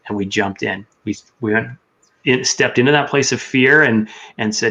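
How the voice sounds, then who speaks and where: A man's voice: on the low side, fairly even intonation, a little fast, bright, forceful tone. A man telling his story earnestly as a podcast guest, sometimes acting out his own inner voice. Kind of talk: casual chat. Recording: dull lo-fi sound.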